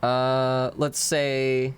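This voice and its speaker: Slow-talking man teaching a made-up language. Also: medium pitch, monotone, smooth. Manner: slow, explanatory, breaks words into literal glosses. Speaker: conlang teacher streaming live. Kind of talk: casual live-streamed language lesson.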